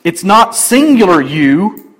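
A man pastor preaching a sermon emphatically, swinging between loud declarations and quiet asides. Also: sits high, big pitch swings, slow pace, low-quality recording.

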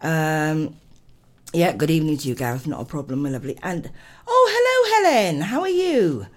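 Older woman radio host, animated pitch, rambling chatty delivery, slightly unwell. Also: moderate pace. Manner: chatty, affectionate, greets listeners by name. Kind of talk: casual radio chat and rambling monologue.

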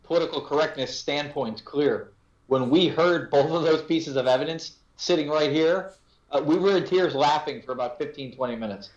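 A fairly high-voiced man tells a ghost-hunting tale with relish, animated and quick to laugh at himself. His voice sounds roomy and echoey. The audio is dull and lo-fi. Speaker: paranormal investigator guest. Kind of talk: casual podcast conversation.

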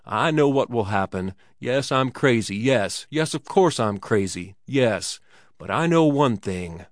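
A man voicing a frightened, agitated Swedish guest who quavers, pleads and shouts, in a story reading. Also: lowish voice, expressive, moderate pace, no echo, studio quality, close to an everyday voice. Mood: terrified.

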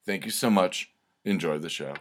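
A man's voice: deep voice, moderate pace. A man announcing a charity plug in an offhand, joking way. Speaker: event announcer. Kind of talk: promotional announcement.

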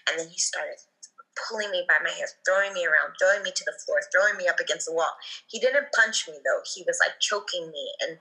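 A woman's voice: on the low side, fairly quick, pushed and bright, rough recording. A woman guest telling a personal story in a casual, emotional way, acting out what people said. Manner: emotional, vivid retelling with quoted dialogue.

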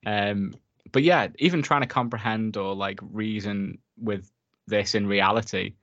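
A man co-hosting a casual film review podcast, talking in a relaxed way and laughing often. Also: fairly low pitch, measured pace, no echo, muffled recording. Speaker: podcast co-host.

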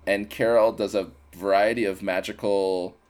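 Male podcast co-host, lower voice, dry wry recap delivery. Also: moderate pace. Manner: wry, deadpan build-ups, laughs mid-sentence. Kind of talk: casual movie recap chat.

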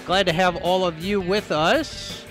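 A man hosting a live online talk show, upbeat and hurried as he introduces his guests. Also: high voice, fairly even intonation, fairly bright tone, soft background music. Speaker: podcast host and editor.

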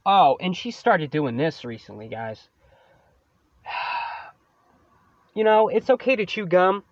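A man's voice: high-pitched, no room sound, dull audio. A man hosting his own podcast, venting about a coworker in a profane, sarcastic solo rant. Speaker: podcast host.

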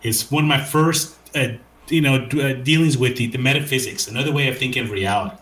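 A man's voice: medium pitch, fast talker, a bit bright, reverberant, low-quality recording. A man hosting a casual conversation, enthusiastic and rambling, with frequent hesitations.

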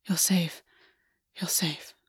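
A woman voicing a calm, teasing male fae lover who speaks in a low, soothing murmur, from a reader of fan fiction. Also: normal speed, dry recording, clean studio sound, close to an everyday voice. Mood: whispered.

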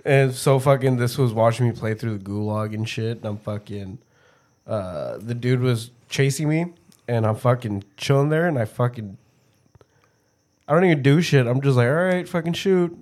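A man in loose conversation with friends, cursing in nearly every sentence. He tells gaming stories and jumps into other people's voices to act out what they said. His voice sits at an ordinary middle pitch. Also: normal speed, a little mellow. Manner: swears constantly, acts out friends' voices in anecdotes. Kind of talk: casual chat among friends.

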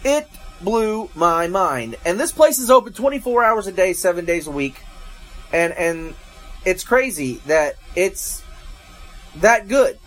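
A man's voice: sits high, expressive, measured pace. A man from Georgia, hosting a casual food review and chatting to viewers as folks and guys. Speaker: food reviewer, show host.

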